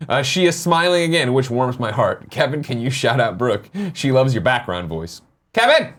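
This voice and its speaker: A man's voice: mid-range voice, moderate pace, a bit bright. A man co-hosting a casual morning show, reading viewer tips aloud and joking around with loose swearing. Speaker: podcast co-host.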